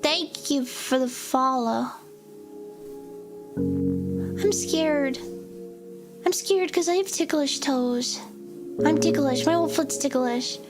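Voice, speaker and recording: A woman's voice: high voice, measured pace. A young adult woman streamer telling a rambling story in a casual chat, full of fillers, acting out what people said. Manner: rambling, filler-heavy, acts out quotes. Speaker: VTuber streamer. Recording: loud music under the voice.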